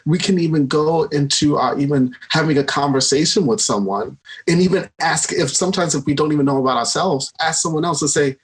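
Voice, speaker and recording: A man's voice: a little high, brisk, breathy edge. A man talking as a podcast guest in a casual conversation, enthusiastic and rambling, laughing often and restarting his sentences.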